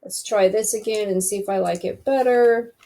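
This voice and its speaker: A woman's voice: mid-range voice, steady tone, moderate pace, dark tone. A woman hosting a casual screen-recorded web design tutorial, chatty and thinking aloud as she clicks through each step.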